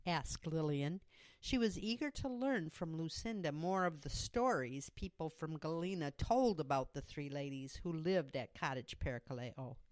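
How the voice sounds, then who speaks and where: A woman narrating a story in a measured storytelling manner for an audiobook. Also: sits low, lively intonation, a little mellow, dry recording.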